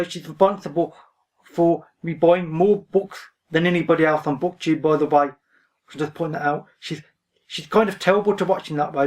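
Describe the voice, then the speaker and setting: A man's voice: fairly high pitch, darkish tone. A man vlogging about books in a casual, rambling way, reserved in manner. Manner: reserved, rambling, often says "frankly". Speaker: book vlogger. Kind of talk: casual talk to camera. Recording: voice a bit distant from the mic.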